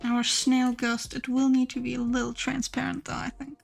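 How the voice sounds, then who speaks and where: Woman streamer, casual rambling chat, gravelly fry, faint music behind. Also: high-pitched, completely flat delivery, moderate pace. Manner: chatty, rambling with many fillers. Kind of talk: casual chat while drawing.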